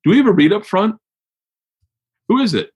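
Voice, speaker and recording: A man's voice: sits high, lively intonation, normal speed, a little mellow, husky. A man hosting his podcast, talking loosely and profanely with self-mocking asides, a bit tipsy from wine. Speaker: podcast host. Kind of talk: casual rambling podcast intro and ad read.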